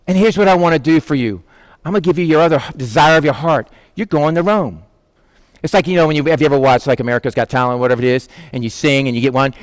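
A male pastor gives a lively, conversational sermon with a fairly high voice. He slips into casual modern speech as he acts out the Bible characters. The sound is dry and close, with little room echo. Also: fast talker.

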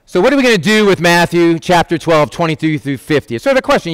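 A man delivers an informal Bible teaching in a slightly higher voice. He talks conversationally, firing off rhetorical questions and slipping into quoted voices. The sound is dry and close. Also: very animated, quick pace, a bit bright, clean tone, dry recording. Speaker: preacher.

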